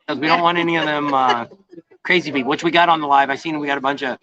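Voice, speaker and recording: A man's voice: a little high, fairly even intonation, fast, a crowd in the background. Folksy man chatting in a crowded bar. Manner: rambling, folksy, self-correcting. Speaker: travel vlog host. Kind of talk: casual live-stream chat. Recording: dull lo-fi live stream.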